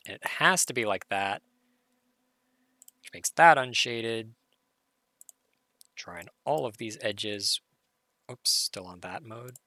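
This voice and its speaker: Hoarse guy muttering thru a puzzle solve, kinda sharp bright voice. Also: fairly low pitch, slow pace, long pauses, dry recording. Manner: muttering, self-correcting, excited. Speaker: puzzle streamer. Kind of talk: thinking-aloud live puzzle solve.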